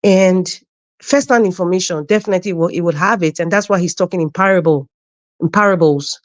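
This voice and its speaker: A woman's voice: on the low side, fairly quick. A woman giving emphatic political commentary as a panel guest on a live stream. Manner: emphatic, animated, mimics others mid-speech.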